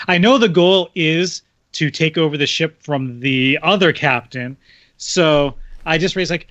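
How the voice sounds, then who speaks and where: A man's voice: fairly high pitch, normal speed, a bit bright, highs cut off. A man playing in a tabletop game, stammering a little as he explains his turn. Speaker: player. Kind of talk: casual game table chat.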